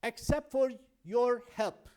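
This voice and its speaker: A man teaches English grammar in a high voice, speaking slowly. He explains emphatically through everyday examples and keeps addressing his students as friends. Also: darkish tone, clean tone. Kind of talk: grammar lesson.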